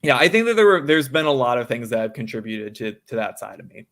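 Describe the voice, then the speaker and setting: A man in his late teens answering interview questions, pausing often with "um" and "like". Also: mid-range voice, sing-song, a bit bright. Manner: hesitant, full of "um" and "like". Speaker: guest.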